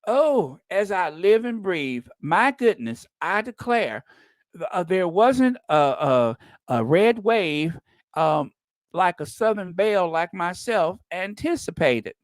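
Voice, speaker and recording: A man's voice: a little high, big pitch swings, normal speed, a bit bright, no echo, studio quality. A man putting on the voice of a flustered, dramatic Southern belle, drawling and swooning.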